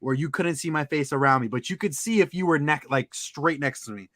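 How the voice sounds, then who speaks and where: Male co-host, casual storyteller, slightly high voice, animated with sudden high-pitched outbursts. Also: a little fast, dry recording. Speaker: podcast co-host.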